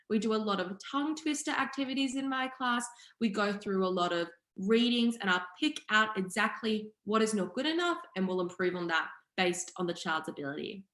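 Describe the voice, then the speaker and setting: Young woman, public speaking teacher, mid-pitched, clear and steady explainer; echoey room over a video call. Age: young adult. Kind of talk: online seminar presentation.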